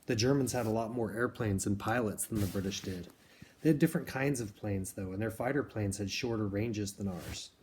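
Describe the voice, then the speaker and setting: Low-voiced man reading a novel aloud. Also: a little mellow, a little hiss or hum. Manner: measured, plain, explanatory. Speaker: reader.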